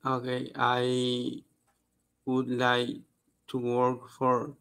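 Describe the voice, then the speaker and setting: A man's voice: mid-range voice, completely flat delivery, extremely slow, creaky, a bit bright. A man, learning English on a video call, hesitant and searching for his words. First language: Spanish. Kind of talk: online English lesson.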